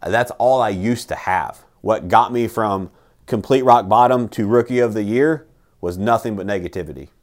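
A man's voice: fairly low pitch, moderate pace. A man hosting a casual motivational talk, emphatic and blunt, who swears and keeps asking "right?".

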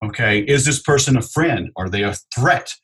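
A man on a podcast talking about selling, acting out lively customer dialogues as he explains. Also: mid-range voice, normal speed, slightly rough, rough recording. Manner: animated storyteller, acts out customer dialogue. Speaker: sales expert guest. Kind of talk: podcast interview.

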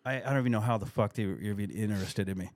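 A man's voice: fairly low pitch, racing, no echo. Foul-mouthed man telling rowdy stories. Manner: swears constantly, animated storytelling. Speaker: guest musician. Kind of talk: casual podcast chat.

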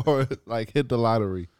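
A man's voice: medium pitch, measured pace, a little mellow, clean tone, no echo. A laid-back man with a mid-range voice, chatting on a podcast. He laughs often and fills his talk with "like," and the recording sounds dry and close. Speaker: podcast co-host. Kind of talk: casual chat.

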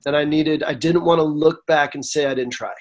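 A man in his forties tells a story from his career, voice sitting a touch high. He acts out the dialogue with lively energy and sometimes gets emotional. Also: fairly quick, muffled recording. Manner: animated, acts out quoted dialogue. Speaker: songwriter guest. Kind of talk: storytelling interview.

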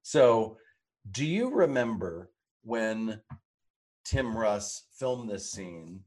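Male co-host, middle-aged, low-pitched, animated storyteller. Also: very slow. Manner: animated storyteller, acts out quotes. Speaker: podcast co-host. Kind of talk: casual chat.

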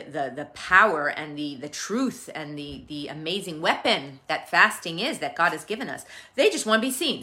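A woman's voice: sits low, sharp tone. A woman teaching a sermon in a casual, conversational way, with fillers and restarts. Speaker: Bible teacher.

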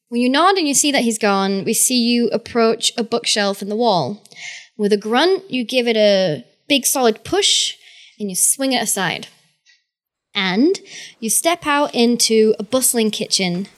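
A woman narrating scenes as game master of a tabletop role-playing game, describing them steadily. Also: fairly high pitch.

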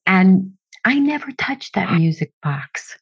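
A woman hosts an interview podcast and speaks with sympathy toward her guest. Her voice sits at an ordinary pitch, and the recording sounds slightly dull and lo-fi. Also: very animated, slow pace, gravelly, husky. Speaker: podcast host. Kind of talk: interview conversation.

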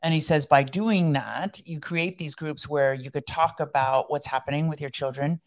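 A woman's voice: low voice, steady tone, normal speed. A woman co-hosting a casual faith podcast, explaining ideas in a chatty way. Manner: explanatory, chatty, laughs easily. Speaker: podcast co-host. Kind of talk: casual chat.

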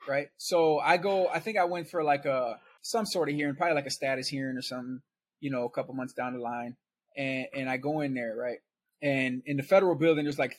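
A man's voice: mid-range voice, breathy edge. A man guest on a podcast, telling his story in a casual, conversational way and checking in with "right?".

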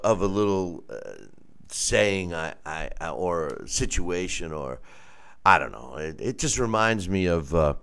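A man's voice: deep voice, gravelly, clean tone. A man hosting a boxing talk show, rambling through listener emails with many fillers and restarts. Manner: rambling, full of fillers and restarts, laughs often. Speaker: radio show host.

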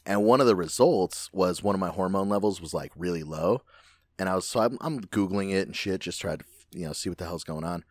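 A man's voice: low-pitched, a little fast, no echo. A man in casual chat, rambling through a story and swearing freely.

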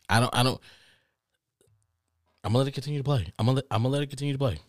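A man's voice: medium pitch, very fast, pauses often, no room sound, clean studio sound. A man hosting a podcast, giving emphatic commentary and often repeating himself as he reacts. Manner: emphatic, repeats words when worked up. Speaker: podcast host. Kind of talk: casual commentary.

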